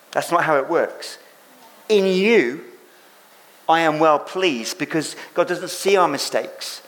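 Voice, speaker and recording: A man's voice: a little high, lively intonation, normal speed. A man preaching a sermon as pastor, speaking emphatically, repeating phrases for effect and acting out quoted lines.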